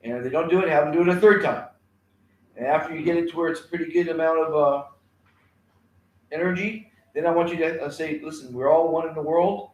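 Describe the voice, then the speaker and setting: A man's voice: fairly high pitch, reverberant, low-quality recording. A man teaching a kindness class alone on a live stream, rambling with many fillers and repeated words.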